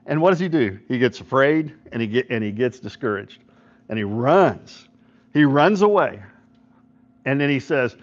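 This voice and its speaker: This dull lo-fi recording captures a middle-aged pastor at a church-hall men's breakfast, giving a relaxed devotional talk. His mid-range voice is expressive, moving at normal speed with long pauses, as he checks in with listeners and voices characters in his stories.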